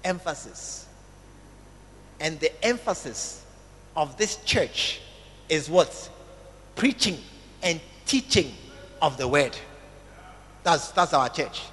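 A man preaches to his church, his voice high and bright with a forceful edge. He talks slowly and emphatically, repeating phrases and calling on the congregation to say amen. Long reverb from the church hall trails each phrase. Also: lively intonation. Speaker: pastor. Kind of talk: sermon.

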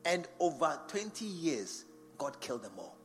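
A man's voice: a little high, sing-song, moderate pace. A man preaching a sermon in a large church, firing rhetorical questions at the congregation. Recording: long church reverb with faint music behind.

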